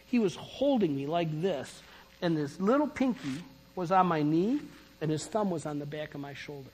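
Brief: middle-aged male preacher, husky, emphatic testimony sermon, reverberant church hall. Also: on the high side, moderate pace. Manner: storytelling, animated, emphatic. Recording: long reverb of a large hall.

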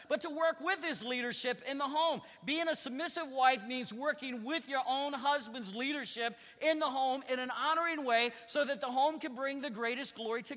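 High-voiced pastor preaching in a reverberant church. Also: male voice, bright, forceful tone. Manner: conversational preaching with emphatic rising stresses. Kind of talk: sermon. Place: church sanctuary.

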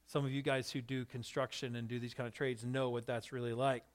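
A man preaching a sermon, telling a story in an animated way and asking his listeners questions. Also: mid-range voice, fairly quick. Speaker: pastor.

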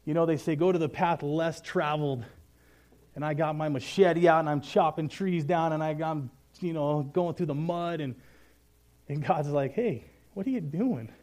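Earnest male preacher, casual delivery, warm slightly high voice. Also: steady tone, moderate pace. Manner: casual and earnest, says "man" often. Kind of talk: sermon.

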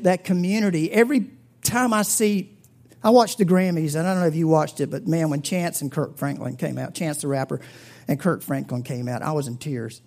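A man preaching a sermon, telling a story with big swings in pitch and loudness and dropping to a breathy whisper at tender points. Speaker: pastor.

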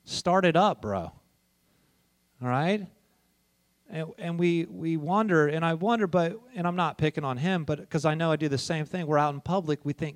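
A man preaching a casual, animated sermon, telling a story with jokey asides to the congregation. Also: fairly high pitch, moderate pace, no echo. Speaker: pastor.

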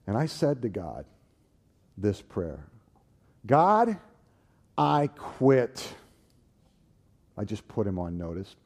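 A man preaching and telling his own story, swinging from loud, animated bursts to hushed, tender tones. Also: fairly low pitch. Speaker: preacher giving a personal testimony. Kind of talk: sermon storytelling.

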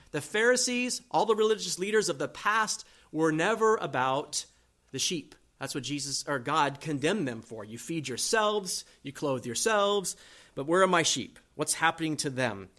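A pastor delivers an expository sermon, reading scripture aloud slowly and moving between loud emphasis and soft asides. His voice is a little high.

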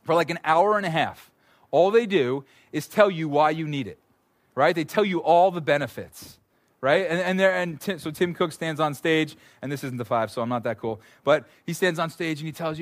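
A male pastor preaching a conversational, animated sermon, often repeating words as he goes. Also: on the high side, normal speed.

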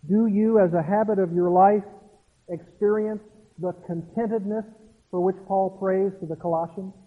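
A man with a high, husky voice preaches a sermon, explaining the text with earnest rhetorical questions. The sound is thin and phone-like, with a long reverb trailing off the hall. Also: steady tone, moderate pace. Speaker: pastor.

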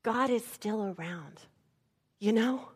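A woman pastor giving a sermon, telling a personal story in an animated, playful way. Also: on the high side, takes it slowly, slightly rough.

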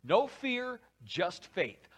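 A man preaching a sermon, lively and conversational, acting out quotes from scripture and dropping his voice low for emphasis. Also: extremely slow, breathy edge. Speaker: pastor.

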